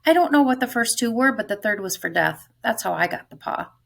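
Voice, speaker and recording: A woman reading aloud as a solemn middle-aged male soldier telling a dark tale in a classic short story. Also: a little high, animated, brisk, creaky, pitched above the performer's own voice. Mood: grave.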